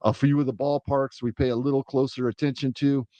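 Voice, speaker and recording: A man from the US Midwest, co-hosting a sports podcast and walking through schedules in a steady, methodical way. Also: mid-range voice, a little fast, no echo, highs cut off. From US Midwest, Iowa-Nebraska border. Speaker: podcast co-host. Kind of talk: fantasy baseball podcast chat.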